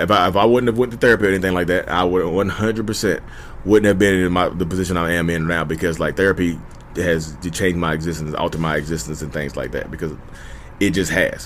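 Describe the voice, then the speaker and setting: A man's voice: low voice, steady tone, fairly quick, slight background noise. A man hosting his own channel, giving casual, earnest advice that circles back and repeats itself, calling his listeners y'all. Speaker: YouTube host. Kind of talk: casual direct-to-camera advice talk.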